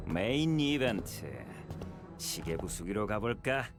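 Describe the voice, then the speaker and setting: A man's voice: lowish voice, animated, very fast, close to an everyday voice. An actor playing a mocking male villain in a video game, with a taunting, sneering delivery. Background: game music.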